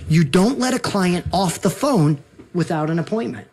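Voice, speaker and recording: A husky-voiced man coaches realtors, laying out his rules with punch and lots of emphasis. His pitch rises and falls in a lively way as he works the point. It is a sales talk, direct and energetic. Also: normal speed. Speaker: real estate broker and guest.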